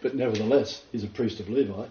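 A man's voice: lowish voice, steady tone, quick pace, mellow, a little hiss or hum. A man leading an informal Bible study, explaining scripture in an earnest, detailed way. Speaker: Bible teacher. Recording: roomy, distant, dull lo-fi sound.

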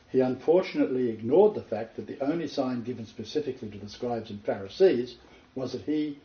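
An emphatic man explains scripture and tells a story in a mellow, dark voice. He sounds distant from the mic, in an echoey room. The recording is dull and lo-fi. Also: mid-range voice. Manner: earnest, emphatic, building to excited points. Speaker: Bible teacher. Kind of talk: spoken Bible teaching, storytelling. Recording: roomy, far from the mic, dull lo-fi.

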